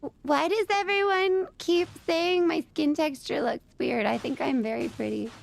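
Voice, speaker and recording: A woman doing a self-assured young action heroine from a video game, high and bright in pitch with a raspy, fried undertone. She talks with playful vanity and plenty of confidence. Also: normal speed. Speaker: streamer voicing a game character.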